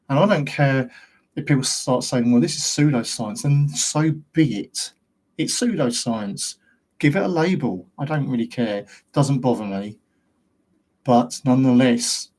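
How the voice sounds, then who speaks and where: A man's voice: mid-range voice, darkish tone. A British man hosting his own channel, talking straight to camera in a rambling, ranting monologue full of rhetorical questions. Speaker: host of a paranormal investigation channel.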